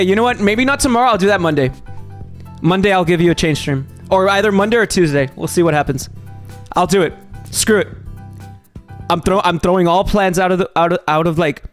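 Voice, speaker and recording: A young man from Texas streaming live, chatting loosely and reading viewer messages, rambling with lots of fillers and restarts. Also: high voice.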